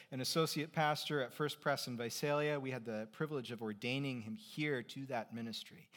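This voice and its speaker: A middle-aged man preaching a sermon as pastor, conversational, asking rhetorical questions and shifting between quiet asides and emphatic points. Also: medium pitch.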